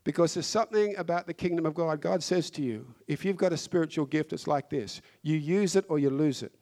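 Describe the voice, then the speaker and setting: Fervent preacher, a man with a higher voice. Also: a little fast, warm tone. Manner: impassioned, repeats phrases for emphasis. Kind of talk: sermon.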